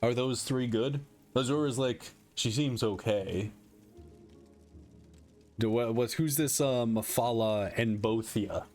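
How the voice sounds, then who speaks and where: A man's voice: mid-range voice, takes it slowly, pauses often, a little mellow, soft background music. A man casually commenting on a game as he plays it, laughing, swearing and talking back to the screen. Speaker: gamer playing a game for the first time.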